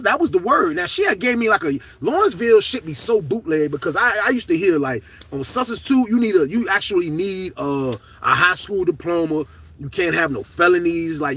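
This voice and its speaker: Middle-aged man, loose profane storytelling vlog, husky bright voice, slightly distant mic. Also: on the high side. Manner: animated, profane, shouts at peaks of the story. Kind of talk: casual storytelling to camera.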